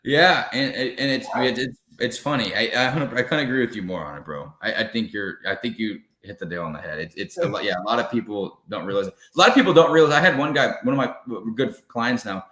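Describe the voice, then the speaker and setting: A man's voice: mid-range voice, animated, fast, hardly any pauses, a bit bright, reverberant. A man talking as a guest in a casual interview, giving earnest, emphatic advice. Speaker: car sales guest.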